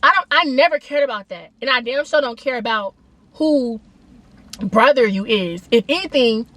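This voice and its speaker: A young woman with a bright, high voice tells a story straight to her viewers. Her delivery is animated and emphatic, full of casual slang. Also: normal speed, no echo. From Atlanta, USA. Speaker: vlogger. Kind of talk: storytime vlog, casual retelling.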